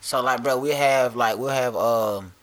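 A young adult man co-hosting a casual chat, telling stories in an animated way, swearing often and repeating his words. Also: medium pitch, measured pace, a crowd in the background. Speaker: podcast co-host.

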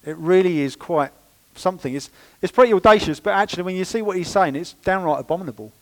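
A man delivers a sermon in church with a fairly high voice. He preaches in a lively, chatty way and drops playful asides to the congregation. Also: fast, rough recording. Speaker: pastor.

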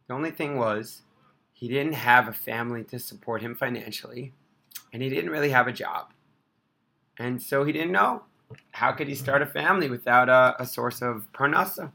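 A man telling an inspirational religious story in an animated, expressive way. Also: medium pitch, moderate pace, gravelly.

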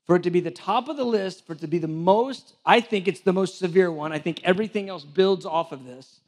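Man, high-pitched voice, casual sermon, acts out dialogues, chatty preacher. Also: fairly quick. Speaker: church director preaching.

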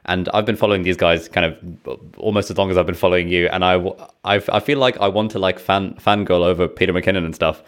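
Deep-voiced young man hosting a podcast. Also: fairly even intonation. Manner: laughs easily, halting restarts, reflective. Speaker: podcast host. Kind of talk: casual interview chat.

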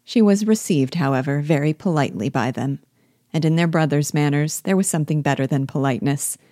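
A woman reading a classic novel aloud in a measured, clear storytelling manner, lightly shading the characters' lines. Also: deep voice, warm tone, dry recording, clean studio sound. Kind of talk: audiobook-style literary reading.

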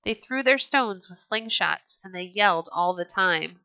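A woman reads a children's storybook aloud, measured and expressive, her voice bright and clear at a medium pitch. The recording is close and dry, with no room sound at all.

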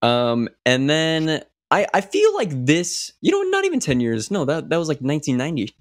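A young man co-hosts a podcast, rambling through casual chat full of fillers and restarts. His voice is a little high with huge swings in pitch, and he talks at a normal speed. The studio recording is clean, with no room sound.

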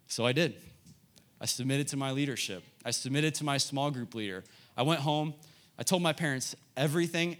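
A man's voice: medium pitch, brisk, fairly bright tone. A young man in his twenties, a youth pastor giving an earnest sermon, telling a personal story to students.

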